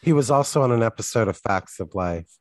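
Male podcast co-host, lowish voice, dry close sound, meandering casual chat full of ums. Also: lively intonation, brisk, dry recording. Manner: rambling, filler-heavy, self-correcting.

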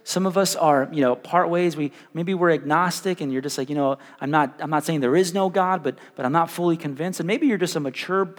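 A young man preaching a sermon as pastor, animated and stumbling over repeated words, swinging between loud and hushed. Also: a little high, fairly quick, few pauses. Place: church hall. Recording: live in a reverberant church hall.

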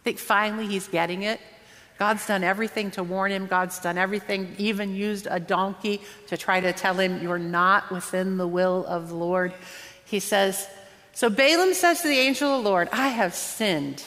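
A woman's voice: medium pitch, moderate pace, a bit bright. Woman preaching in a reverberant hall. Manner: conversational, earnest, often drawing out words for emphasis. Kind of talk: sermon.

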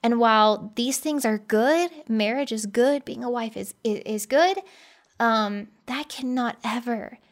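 Earnest, slightly high-voiced woman podcaster. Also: measured pace. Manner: earnest, personal storytelling with frequent "you know". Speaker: podcast host. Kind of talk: conversational podcast monologue.

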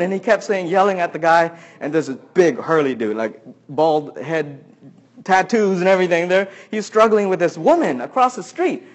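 A man's voice: high voice, lively intonation, normal speed. A pastor telling a story from his own life during a sermon, acting out what people said and laughing along the way.

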